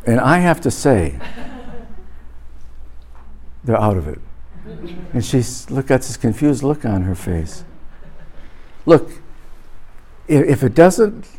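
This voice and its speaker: A man's voice: medium pitch, very animated, takes it slowly, long pauses, darkish tone, a little hiss or hum. A middle-aged man, a pastor, preaching a sermon before a live audience, telling a humorous story with comic exaggeration and then moving into a blessing.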